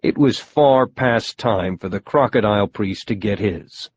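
A man's voice: lowish voice, a little slow, slight background noise. Man narrating a wry first-person audiobook.

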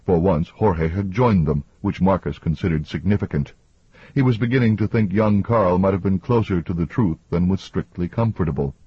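A man narrating an audiobook in an even, measured reading. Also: low voice, husky, no echo, dull audio. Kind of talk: scripted narration.

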